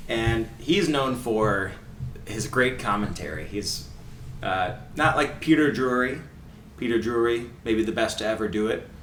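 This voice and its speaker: A man's voice: on the low side, a little slow, a bit bright. A man co-hosting a soccer podcast in a casual, chatty way, laughing often. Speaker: podcast co-host. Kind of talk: casual chat. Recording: roomy echo, distant mic, faint hiss.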